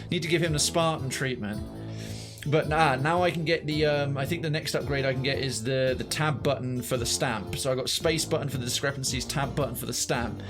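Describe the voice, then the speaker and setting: Chatty, joking male game streamer. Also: a little high. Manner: chatty, swears, jokey, talks to himself while playing. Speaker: let's play streamer. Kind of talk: casual gameplay commentary.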